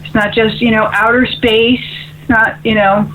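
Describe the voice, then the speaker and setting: A woman's voice: a little high, little pitch movement, normal speed, a bit bright, a little hiss or hum. A woman hosting a call-in spiritual radio show as an intuitive medium, talking in an upbeat, chatty way and often asking "right?". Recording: tinny phone-like radio audio.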